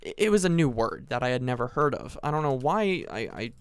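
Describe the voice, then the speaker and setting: Teenage boy, gaming commentary, rambling animated storytelling, dry close recording. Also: mid-range voice, brisk, clean tone, no echo. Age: teens. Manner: rambling and animated, with frequent restarts and asides. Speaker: gaming channel host. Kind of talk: casual storytelling commentary over gameplay.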